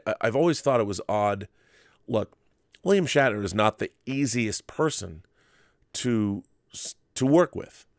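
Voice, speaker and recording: A middle-aged man, a director hosting his own show, telling a story in a casual monologue, animated and often restarting words. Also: lowish voice, gravelly, no room sound, studio quality. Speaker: podcast host and film director. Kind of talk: casual monologue answering a viewer.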